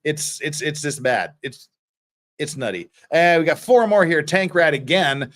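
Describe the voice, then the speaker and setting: A man's voice: on the high side, lively intonation, normal speed, a bit bright. A man hosting a casual legal commentary livestream, reading viewer comments aloud and giving blunt, profane opinions with frequent restarts.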